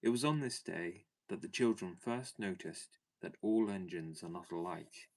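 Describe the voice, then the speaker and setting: A man narrating a classic children's storybook in a measured, clear way. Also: sits low, a little mellow. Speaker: audiobook narrator.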